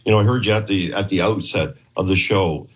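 Low-pitched man from Canada, rambling guest who quotes others as he tells a story. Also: a little fast. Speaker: podcast guest, former investigator. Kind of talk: casual storytelling interview.

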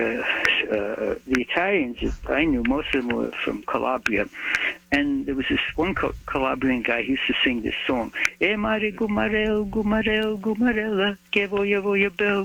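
A man's voice: mid-range voice, vocal fry. An older American man telling stories in an interview, acting out the people he quotes. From United States. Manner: animated storyteller, acts out the people he quotes. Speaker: guest. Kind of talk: storytelling interview. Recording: dull muffled recording with faint hum.

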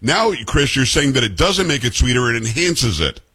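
A man hosting a call-in radio talk show, brash and argumentative, teasing his callers and co-host, with a husky voice. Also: mid-range voice, big pitch swings, moderate pace, sharp tone.

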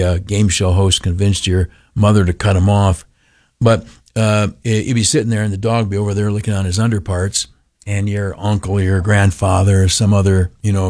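A man's voice: fairly low pitch, no room sound, studio quality. Sex: male. Role: talk radio host. Style: opinionated political commentary. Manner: rambling, folksy, sarcastic, full of "uh"s.

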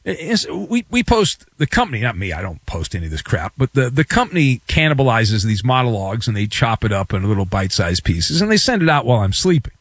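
A man's voice: medium pitch, very animated, brisk, hardly any pauses, a bit bright, breathy edge, no echo. A man hosting a sports talk radio show, delivering a jokey, theatrical monologue with big swings in emphasis.

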